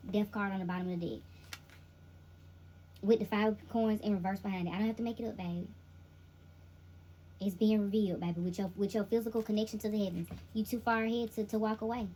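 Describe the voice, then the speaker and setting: A woman's voice: medium pitch, fairly even intonation, fast talker, pauses often, warm tone, a little hiss or hum, rough recording. A woman giving a casual tarot reading, speaking directly to the listener in an emphatic, repetitive, slangy way. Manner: informal slangy delivery. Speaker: intuitive tarot reader.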